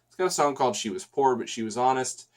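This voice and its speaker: A man hosts a solo podcast in a loose, chatty review voice. He rambles, doubles back on himself and fills gaps with "um" and "uh". His pitch sits in an ordinary middle range for a man. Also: fast talker. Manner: rambling, chatty, frequent restarts and fillers. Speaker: podcast host.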